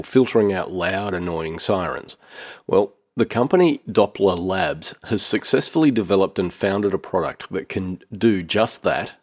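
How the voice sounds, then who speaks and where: A man with a low, deep voice hosts a podcast in a relaxed, chatty way. He reads a listener's essay aloud and drifts into his own asides, with frequent "uh" fillers. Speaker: podcast host. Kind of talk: casual podcast talk and reading a listener's essay.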